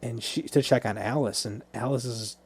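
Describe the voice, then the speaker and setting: A man's voice: medium pitch, steady tone, normal speed, husky. A man co-hosting a podcast, recapping a movie scene by scene in a loose, profane, storytelling way. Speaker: podcast co-host.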